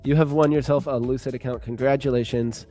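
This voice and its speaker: A man's voice: medium pitch, steady tone, fairly quick, mellow, soft background music. A man with a Californian accent, co-hosting a livestream in a rambling casual chat full of fillers. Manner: chatty, rambling with many "like" fillers. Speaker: livestream co-host.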